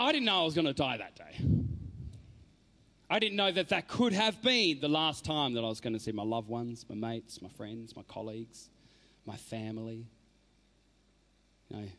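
A man as a motivational speaker giving an inspirational faith talk, telling his story dramatically and swinging from hushed lines to loud ones. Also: mid-range voice.

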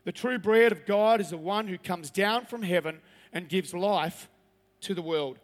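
A man's voice: sits high, unhurried, in a large hall. A man preaching a sermon as pastor, reading scripture aloud and then pressing his points with rising emphasis.

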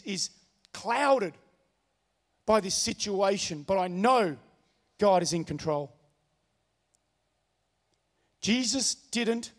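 A man's voice: high voice, big-room sound. A man preaching a sermon, telling a personal story in an earnest way and repeating his key phrases. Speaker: pastor.

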